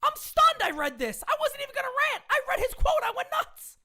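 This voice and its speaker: A woman ranting loudly and indignantly into a phone camera, repeating her points as a sports fan. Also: very high voice, very animated, brisk. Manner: loud, indignant, repetitive ranting. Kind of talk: live rant into a phone camera.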